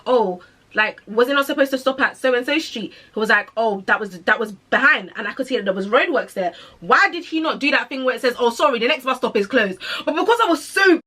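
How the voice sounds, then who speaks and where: A woman's voice: a little high, sharp tone. A young woman in her twenties with a British accent and London slang, hosting a podcast and telling a story in casual, chatty talk to her listeners. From United Kingdom. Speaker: podcast host.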